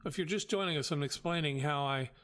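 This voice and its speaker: A man hosting a trading show, retelling a story with quoted dialogue in an exasperated, quick way. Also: on the high side, fairly bright tone, clean tone. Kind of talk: animated storytelling.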